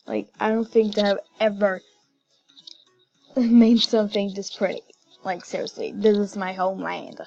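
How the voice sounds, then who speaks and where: Slow-talking woman game commentator, giggly and gushing, dull recording. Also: mid-range voice, flat delivery, creaky, darkish tone, faint music behind. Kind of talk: casual gameplay commentary.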